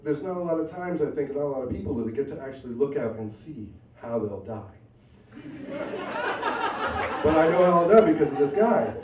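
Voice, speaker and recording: A man's voice: mid-range voice, mellow, a little hiss or hum. A man telling a true personal story live, in a wry, conversational way with asides. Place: bar venue with a live audience. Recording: roomy, from a distance, faint ambience.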